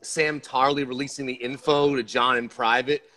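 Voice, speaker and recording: A man chatting as a podcast guest, excitable and joking, often stumbling and repeating words. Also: mid-range voice, moderate pace. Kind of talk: casual chat.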